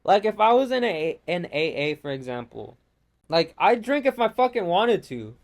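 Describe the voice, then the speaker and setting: A man's voice: high voice, sing-song, moderate pace. A man hosting his gaming channel, ranting casually and profanely over gameplay in an exasperated, rambling way.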